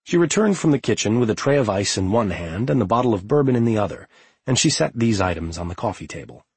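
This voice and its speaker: Audiobook narrator, male, very husky, lowish voice, calm and measured, dry close mic. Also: no echo.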